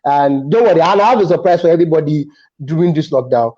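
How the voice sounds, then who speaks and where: A man with a Nigerian accent, a comedian chatting as a guest and telling stories with animated restarts. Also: a little high, fast, muffled recording. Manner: animated storytelling with frequent restarts. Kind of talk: casual interview chat.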